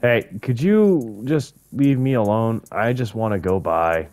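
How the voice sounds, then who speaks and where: A man's voice: on the low side, expressive, a little slow, hardly any pauses, darkish tone. A young man giving casual, profane gameplay commentary, joking and talking to the creatures on screen. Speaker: gaming YouTuber.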